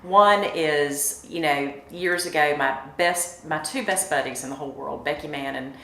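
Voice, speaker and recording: A woman's voice: low-pitched, moderate pace, roomy sound, rough recording. A woman, a mayor chatting in an interview with lots of fillers. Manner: warm, chatty, many fillers, emotional in places. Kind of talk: casual interview reminiscing.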